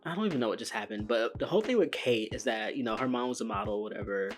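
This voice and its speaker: A man's voice: lowish voice, animated, fast talker, faint music behind. Blunt, joking young man reacting to a show. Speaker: reaction video host. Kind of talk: casual reaction commentary.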